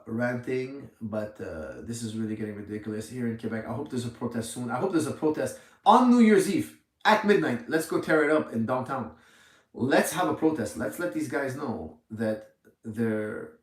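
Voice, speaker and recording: A man's voice: medium pitch, recorded from a distance. A man in his forties giving an indignant, emphatic livestream rant from a gym, repeating his points. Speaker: gym owner. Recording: echoey room, off mic.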